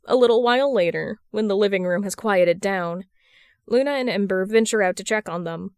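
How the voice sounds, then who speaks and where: A woman reads a story aloud in a steady, measured audiobook manner. Her voice is smooth and clear at a medium pitch, recorded close with a dry sound and no room around it. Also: dry recording. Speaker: podfic reader. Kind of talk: audiobook narration of fan fiction.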